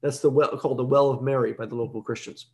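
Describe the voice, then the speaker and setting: A man's voice: mid-range voice, fairly even intonation, quick pace, darkish tone. A man giving an evening Bible teaching in a conversational way, explaining step by step and often checking in with "right?".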